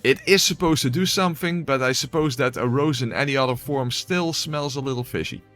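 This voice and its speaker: A man's voice: mid-range voice, a little fast, a bit bright, faint music behind. A man giving casual gameplay commentary and voice-over narration, exclamatory, swearing, with wry asides.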